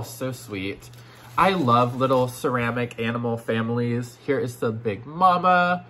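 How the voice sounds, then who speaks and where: A man unboxing vintage toys in a casual vlog, effusive and gushing, often dropping into breathy near-whispers. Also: mid-range voice, unhurried, pushed and bright, slight background noise. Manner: gushing, effusive, repeats "oh my gosh". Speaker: vintage toy collector and seller.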